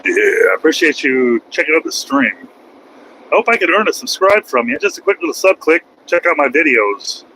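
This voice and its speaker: Joking trucker man, bright voice. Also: on the high side, very animated, moderate pace, slight background noise, poor audio. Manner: rambling, joking, self-mocking. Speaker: trucker streamer. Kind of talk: casual live-stream chat while driving. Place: truck cab on the road.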